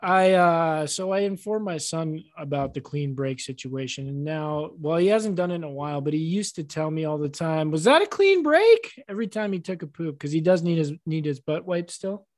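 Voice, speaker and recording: Playful, low-pitched female co-host. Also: moderate pace, hardly any pauses, darkish tone, dry recording, clean studio sound. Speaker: radio co-host. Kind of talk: casual banter and game hosting.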